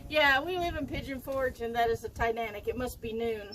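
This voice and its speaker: Older woman, interview guest, high-pitched and lively, laughs easily, natural storyteller. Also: brisk, over loud music, rough recording. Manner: lively, laughs often, acts out dialogue. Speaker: interview guest, wild animal trainer. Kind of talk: animated personal storytelling.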